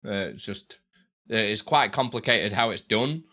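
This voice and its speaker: A man's voice: fairly low pitch, moderate pace, pushed and bright. A young man live-streaming, chatting casually with viewers while he tinkers with his setup, often tripping over and repeating his words.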